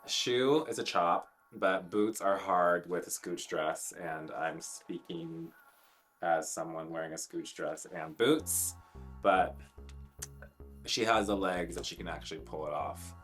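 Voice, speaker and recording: Man, drag queen commentator, very low voice, profane, catty runway reviews full of "like.". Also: slow, a bit bright, faint music behind. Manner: sassy, blunt and profane critique; chatty, full of "like" fillers.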